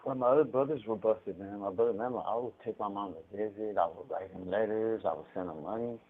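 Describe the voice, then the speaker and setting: A man's voice: on the low side, fast talker, slightly rough. A man telling stories over a prison phone call, profane and rambling with frequent restarts. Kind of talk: casual storytelling on a phone call. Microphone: prison payphone handset. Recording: tinny prison phone line.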